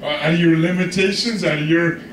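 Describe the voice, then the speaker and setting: Male pastor, high voice, animated sermon delivery, recorded from afar in an echoey hall. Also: fairly quick, distant mic, slight background noise. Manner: animated, calls for congregation responses. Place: church hall.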